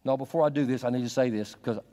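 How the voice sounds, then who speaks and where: A male pastor delivering a sermon, his delivery swinging from hushed to loud and emphatic. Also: medium pitch, fast talker. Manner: dynamic preaching, swinging from soft to loud and emphatic. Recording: long reverb of a large hall.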